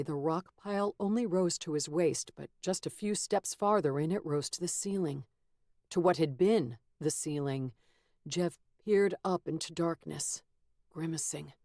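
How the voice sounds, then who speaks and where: Low-voiced woman narrating an audiobook. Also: no echo, clean studio sound. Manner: measured, steady storytelling. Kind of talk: scripted narration.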